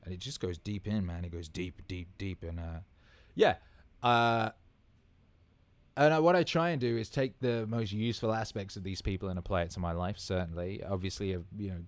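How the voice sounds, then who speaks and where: A man in his thirties hosts a casual livestream Q&A, rambling with enthusiasm, swearing freely, and repeating words for emphasis. His voice is deep, his speed normal, and the recording dry.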